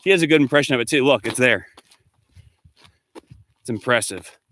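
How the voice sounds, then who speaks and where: A man's voice: mid-range voice, animated, moderate pace, fairly bright tone, a little hiss or hum. A male teacher talking casually to his students, rambling as he answers their comments one by one.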